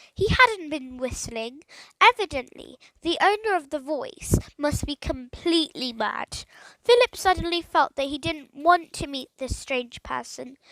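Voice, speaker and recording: Audiobook narrator, woman, high voice, expressive storytelling, dry close recording. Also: no echo, rough recording.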